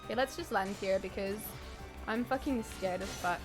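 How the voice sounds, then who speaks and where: A woman streaming a video game live, chatting with viewers and swinging between quiet muttering and excited shrieks. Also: medium pitch, normal speed, music in the background. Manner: chatty, thanks chat viewers by name. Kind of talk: live gameplay commentary.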